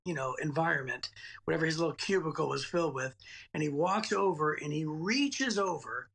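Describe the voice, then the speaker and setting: A man's voice: on the high side, animated, fairly quick, gravelly, a bit bright, husky. A man in his late forties telling a personal childhood story as a guest, rambling and repeating words as he goes. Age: 40s. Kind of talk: personal storytelling in a podcast interview.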